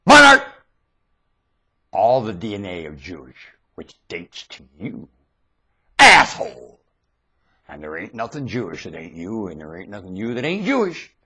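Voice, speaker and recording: A man ranting erratically into a webcam at home, swinging from shouting to low muttering. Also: huge pitch swings, measured pace, pauses often, slightly rough, highs cut off. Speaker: vlogger. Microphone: webcam mic.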